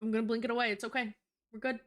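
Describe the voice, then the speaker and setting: A woman's voice: on the high side, flat delivery, very fast, fairly bright tone. A woman streamer chatting casually on a live stream, emotional and tearing up, talking in a gushing way. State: tearful.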